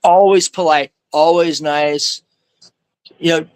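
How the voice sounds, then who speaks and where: A man's voice: on the high side, steady tone, takes it slowly, no room sound. A man telling his faith testimony as a guest, in a rambling, slangy way, often saying "man" and "like". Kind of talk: casual storytelling.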